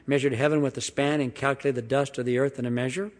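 A man preaching a sermon, reading scripture aloud with sweeping emphasis and then dropping into quiet, conversational explanation. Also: little pitch movement, fast. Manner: emphatic reading with big swings of pitch and volume, dropping to quiet asides. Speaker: pastor. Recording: long hall reverb.

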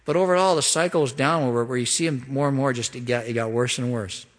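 A man at the pulpit preaching through a passage of scripture, his middle-pitched voice carrying a long hall reverb. He pleads and presses hard on his questions, then sinks to hushed, low asides. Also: fast talker. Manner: pleading, emphatic, swings from loud rises to hushed drops. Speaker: pastor. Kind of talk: expository sermon.

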